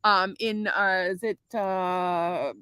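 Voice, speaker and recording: A woman's voice: medium pitch, steady tone, very slow, sharp tone, clean tone, no echo. A middle-aged woman co-hosting a casual podcast, telling bawdy stories with lots of laughing and swearing. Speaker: podcast co-host. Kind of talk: casual chat.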